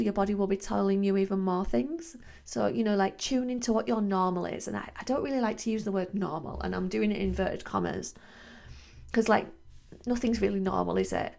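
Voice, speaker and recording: A woman's voice: mid-range voice, vocal fry, a little mellow. A woman, hosting a wellbeing podcast in a chatty, reflective way full of fillers and restarts. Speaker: podcast host, wellbeing coach. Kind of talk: casual reflective monologue.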